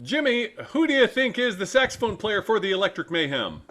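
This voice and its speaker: A man runs a casual trivia game with friends, teasing them and laughing at his own jokes. His voice sits on the higher side and rises and falls a lot. He sounds like a playful game-show host. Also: very animated, brisk, a bit bright. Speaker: quiz host. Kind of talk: game show hosting over video call.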